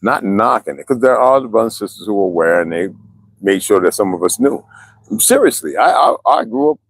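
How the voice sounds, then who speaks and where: A man's voice: fairly low pitch, lively intonation, fairly quick, no echo, rough recording. An older man from the US East Coast, rambling and profane in casual livestream chat, answering viewers as he goes. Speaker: livestream host.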